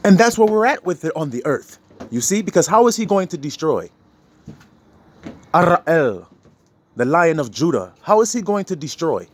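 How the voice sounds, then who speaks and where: A man giving a preachy, freewheeling sermon, laughing often and swinging between loud and low. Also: very animated, normal speed, pauses often. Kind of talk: street sermon.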